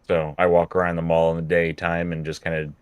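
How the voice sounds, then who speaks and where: A man playing a tabletop game, relaxed as he describes his character's actions. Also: low voice, fairly quick, clear, resonant tone, no room sound, phone-quality sound. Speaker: player. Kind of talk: casual tabletop play.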